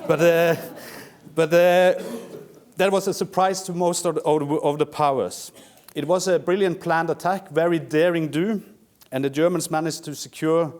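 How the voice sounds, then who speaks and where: A man's voice: on the high side, darkish tone. A man from Norway with a Norwegian accent, giving a history lecture in English, telling it as a story and often restarting words. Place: lecture room.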